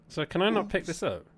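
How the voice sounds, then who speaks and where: This gaming YouTuber has a high voice, and the recording is very noisy, with game music in the background. He reads on-screen text aloud while playing a jumpy horror game, laughing and swearing as he goes.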